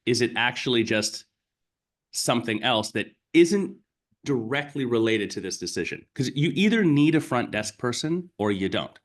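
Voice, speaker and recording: A man's voice: mid-range voice, lively intonation, moderate pace. A man talks as a business coach in a casual chat. His manner is blunt and emphatic, with some swearing, and he reasons through his point step by step.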